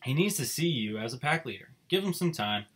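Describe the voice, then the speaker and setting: A stern, brisk woman who runs a dog training class, as a man puts her on while reading a storybook aloud. She lectures her students in a crisp, bright voice that rises and falls a lot. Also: mid-range voice, expressive.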